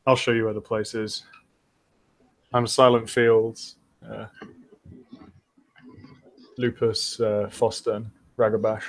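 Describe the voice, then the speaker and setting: A man's voice: fairly low pitch, flat delivery, slow pace, long pauses. A man voicing a friendly young male werewolf trickster with a doglike eagerness, in an online tabletop game. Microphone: video call.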